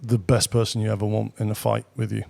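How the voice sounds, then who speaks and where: Gravelly British man telling stories. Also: fairly low pitch, little pitch movement, a little mellow. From Britain. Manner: anecdotal, quick asides, swears casually. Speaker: guest, former military pilot. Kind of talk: casual storytelling.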